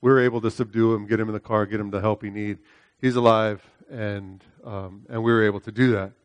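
A man's voice: steady tone, brisk, dry recording. Emphatic preacher man, dry close sound. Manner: emphatic, repeats phrases, asks "right?" often; swings from loud high preaching to quiet storytelling. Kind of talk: sermon with personal storytelling.

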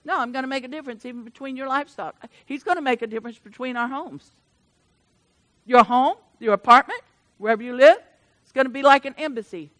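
A middle-aged woman pastor delivers an emotional, storytelling sermon. Her voice sits high and bright, and it drops to near-hushed confidences before rising to fervent proclamations. The sound is close and dry, with almost no room around it. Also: quick pace, no room sound. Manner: emotional, storytelling preacher who swings from soft to loud.

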